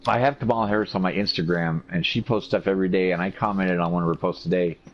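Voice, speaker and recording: A man recovering from surgery, telling profane, animated stories in a casual chat. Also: low voice, fast. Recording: dull lo-fi recording with faint noise.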